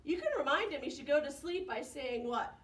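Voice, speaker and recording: A young woman leading a preschool storytime as a children's librarian, with lively gasps, whispers and sing-along songs. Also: sits high, fairly quick. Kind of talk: preschool storytime reading and singing. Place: library room. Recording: echoey room, mic at a distance.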